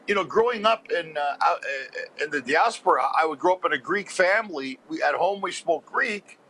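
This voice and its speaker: Man from Montreal, comedian guest, high voice, bright tone, rambling laughing stories. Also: normal speed, husky. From Montreal, Canada. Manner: animated, rambling anecdotes with frequent laughs. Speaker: stand-up comedian, phone-in guest. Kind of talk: casual storytelling chat.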